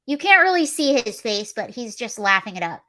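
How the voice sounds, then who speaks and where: A chatty woman with a voice on the high side hosts a casual political commentary livestream at a normal speed, animatedly reading chat comments aloud. She has allergies and keeps coughing and sneezing.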